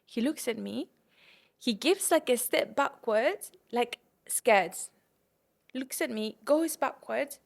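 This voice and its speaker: A young woman from the UK and Spain, hosting a podcast and telling a travel story in a casual, animated way, often calling her listeners "guys". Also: mid-range voice, creaky. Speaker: podcast host.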